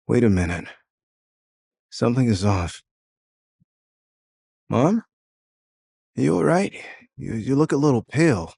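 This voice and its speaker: A man's voice: mid-range voice, creaky, darkish tone, breathy edge, dry recording, studio quality, voice pushed up, exaggerated voice. A man playing a flustered, defensive young man. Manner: stammering, defensive. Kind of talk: audio drama narration.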